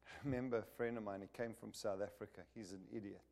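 A man's voice: fairly low pitch, steady tone, fast, gravelly, darkish tone, a little hiss or hum. A man preaching a sermon in an emphatic, punchy way, repeating phrases to drive his points home and asking the listeners whether they understand. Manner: asks the listeners for agreement.

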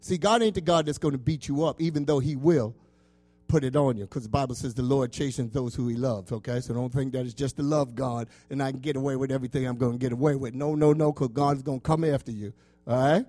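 A man preaching a sermon with passion, swinging from loud calls to soft asides. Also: medium pitch, fairly even intonation, quick pace.

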